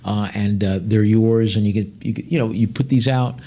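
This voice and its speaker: A man's voice: on the low side, fairly even intonation, moderate pace, dark tone. A man working as an auctioneer at a live online sale, rattling off bid calls and tossing in chatty jokes between lots.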